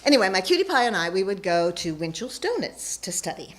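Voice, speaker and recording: A woman's voice: mid-range voice, very animated, a little fast. A woman telling a personal story onstage before a live audience, playful and self-mocking.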